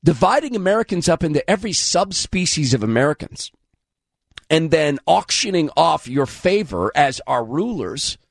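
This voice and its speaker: A hoarse man runs his commentary show in a sarcastic, scornful tone, his voice lifted a bit high and swinging widely up and down. The sound is dry and close, with no room around him. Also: no room sound. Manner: mocking, scornful. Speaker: political commentary host.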